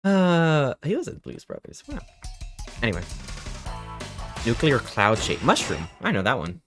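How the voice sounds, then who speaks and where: Excitable young male streamer, swooping voice. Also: medium pitch, a little slow, faint music behind. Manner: excitable, thinks aloud, reacts in bursts. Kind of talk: live-stream gameplay commentary.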